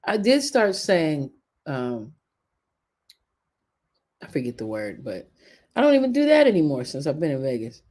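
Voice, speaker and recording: A woman's voice: low voice, measured pace, pauses often. A woman in her thirties hosting a show, talking bluntly and with profanity in casual storytelling. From California. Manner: blunt, profane, animated storytelling with acted quotes. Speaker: show host. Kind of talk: casual opinion talk.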